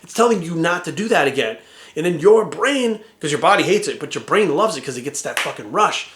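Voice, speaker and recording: A man's voice: fairly high pitch, lively intonation, fairly quick, fairly bright tone, a little hiss or hum. A man, a fitness coach, ranting bluntly to camera with heavy swearing and rhetorical questions. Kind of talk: profane casual rant to camera. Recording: echoey room.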